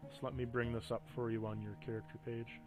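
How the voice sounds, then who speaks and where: A man's voice: mid-range voice, little pitch movement, fast, over music. A man running a tabletop game as game master, explaining the rules with hesitant fillers.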